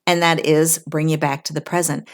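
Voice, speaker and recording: A woman's voice: low-pitched, little pitch movement, normal speed, vocal fry. A middle-aged woman co-hosting a podcast in casual chat, reflective, often acting out inner thoughts as quoted asides. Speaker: podcast co-host.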